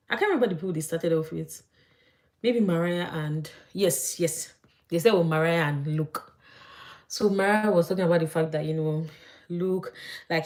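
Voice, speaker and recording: A young woman chatting as she does her makeup, gossiping in an animated way. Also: on the low side. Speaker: vlogger. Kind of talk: casual chat while doing makeup.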